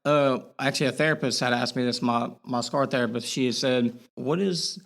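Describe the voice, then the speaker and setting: A man's voice: mid-range voice, brisk, vocal fry, a bit bright. A young man as a podcast guest, talking earnestly and rambling in a candid interview, with lots of fillers and restarts.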